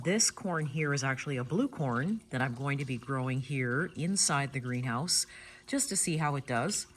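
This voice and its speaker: A woman with a low voice gives a relaxed, chatty walkthrough of her plants as she works. She explains each step in plain, friendly terms. Faint background noise and dripping water sound behind her inside the greenhouse. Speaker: gardening vlogger. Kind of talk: casual gardening tutorial.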